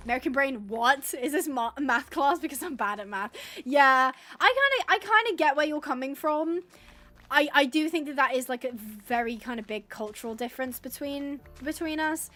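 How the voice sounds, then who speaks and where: A woman's voice: high-pitched, pushed and bright. An English woman live-streaming a game, chatting casually and rambling, laughing often as she reads out the chat. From England.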